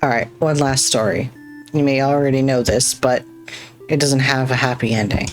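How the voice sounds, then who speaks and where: A gamer reading lines as a masked theater playwright who loves bad endings, courteous, theatrical and softly melancholy, over faint game music. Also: mid-range voice, steady tone, moderate pace, natural voice. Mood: wistful.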